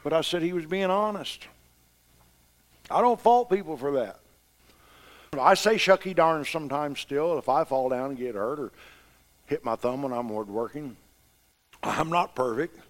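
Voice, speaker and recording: A man's voice: fairly high pitch, animated, normal speed, pauses often. A middle-aged man preaching a sermon, telling homespun stories with rising fervor. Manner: folksy, impassioned storytelling preacher.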